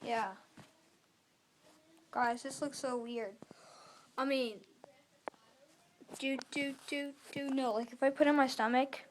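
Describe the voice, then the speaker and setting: A woman's voice: a little high, steady tone, measured pace, long pauses, slight background noise. A young girl vlogging casually to camera at home, rambling and apologizing a lot, with little giggles. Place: at home in a room.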